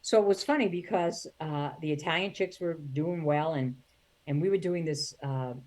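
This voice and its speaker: Middle-aged woman, comic storyteller, lowish voice, plays her relatives' voices and laughs a lot. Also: moderate pace, a little mellow. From New York. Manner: acts out family voices, laughs often. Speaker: guest, singer and comedian. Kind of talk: animated storytelling interview.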